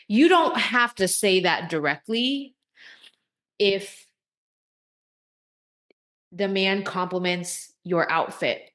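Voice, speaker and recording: A woman coach giving dating advice to camera, high-energy and eccentric, with deliberate, emphatic delivery. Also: animated, a bit bright.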